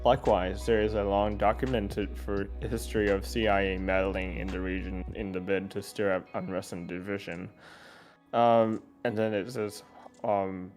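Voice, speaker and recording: A man with a fairly low voice talks through a point on a discussion podcast. He pauses a lot, fills gaps with "uh" and restarts his sentences. Faint music plays underneath. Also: flat delivery, darkish tone. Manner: halting, many fillers and restarts. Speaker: podcast panelist. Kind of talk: casual discussion.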